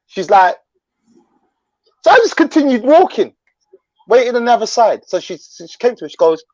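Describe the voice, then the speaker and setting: A man with a London accent hosting a live chat, telling stories in an animated, slangy way. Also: high voice, normal speed, pauses often, lo-fi sound. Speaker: livestream host.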